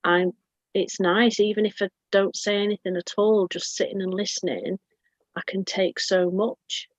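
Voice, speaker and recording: A woman chatting in a group, talking in halting, self-interrupting bursts. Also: mid-range voice, fairly even intonation, no room sound, lo-fi sound. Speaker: group member. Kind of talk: casual group chat.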